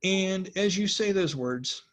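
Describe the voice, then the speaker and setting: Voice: mid-range voice, takes it slowly. Game master narrating a tabletop game. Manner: relaxed, conversational narration with fillers.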